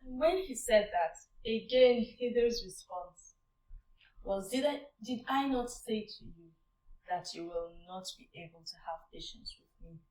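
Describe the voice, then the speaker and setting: Female teacher, story-led lesson, lively retelling with acted-out outbursts; sits back from the mic in an echoey room. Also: a little high, measured pace. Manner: animated retelling, acting out exclamations. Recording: roomy and distant from the mic.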